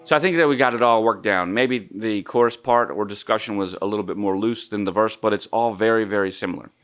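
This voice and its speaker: A man with a fairly low voice walks through a guitar lesson in a relaxed, easygoing way, counting out the strumming pattern. His acoustic guitar plays clearly underneath as he talks. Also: fast talker. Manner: easygoing, counts strums aloud, sings snatches of melody. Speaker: guitar teacher.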